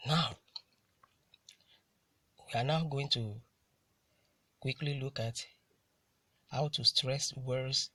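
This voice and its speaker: A man gives a classroom lesson on word stress, talking slowly and deliberately and moving from point to point. His voice is a little husky, and the recording sounds dry and close. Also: medium pitch, fairly even intonation, bright, forceful tone, no room sound. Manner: deliberate, repeats "now" to move on. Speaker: English teacher.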